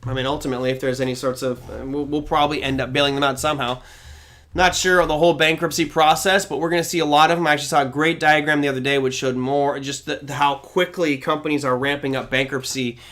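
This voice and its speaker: A middle-aged man with a voice a little higher than most men's hosts a casual live trading Q&A. He talks fast with fairly even intonation, reading viewer questions aloud and thinking out loud as he answers.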